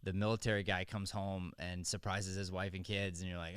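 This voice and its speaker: A middle-aged man with a fairly low voice talks through acting craft in a casual podcast chat. He is earnest and rambling and often restarts his sentences. The sound is dry and close, with no room behind it. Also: little pitch movement, a little fast, fairly bright tone, clear, resonant tone, no echo. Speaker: acting coach and podcast host.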